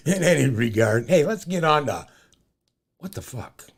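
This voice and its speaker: Husky-voiced man in his fifties, blunt. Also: fairly high pitch. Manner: blunt, profane, joking storyteller. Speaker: talk show co-host. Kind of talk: casual chat.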